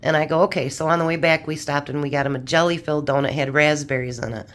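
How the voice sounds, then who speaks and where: Low-voiced chatty woman cooking at home. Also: steady tone, fast. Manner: chatty, homey, talks while eating and tasting. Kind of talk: casual cooking chat to camera.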